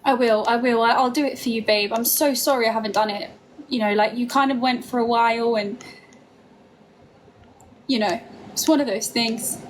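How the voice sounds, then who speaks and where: A young woman livestreaming late at night, chatting excitedly and dramatically with her viewers. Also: on the high side, moderate pace, pauses often, a little hiss or hum. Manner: excitable, dramatic banter with chat.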